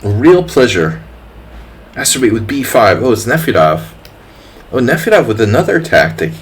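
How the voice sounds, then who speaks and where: Speaking at a normal pace in a sing-song, medium-pitched voice, this man jokes his way through his own online chess matches for his audience, tossing out teasing asides about whoever he's playing. A little background noise can be heard.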